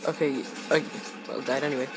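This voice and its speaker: A man's voice: medium pitch, fairly even intonation, fairly quick, poor audio. A young man giving rambling, hesitant live commentary while playing a shooter game, with game noise behind him. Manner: rambling, hesitant, many ums. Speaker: gaming YouTuber.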